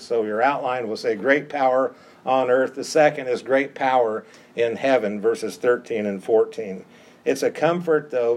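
A man's voice: mid-range voice, a little mellow. A male pastor preaching a sermon, emphatic and given to repeating key phrases, with casual asides to the congregation. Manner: conversational asides.

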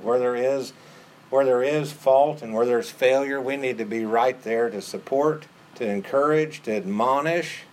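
A man delivers a sermon with a voice of ordinary pitch, neither high nor low. He speaks earnestly and leans on repetition to drive his points home. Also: darkish tone, a little hiss or hum. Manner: earnest, repeats phrases for emphasis. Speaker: preacher.

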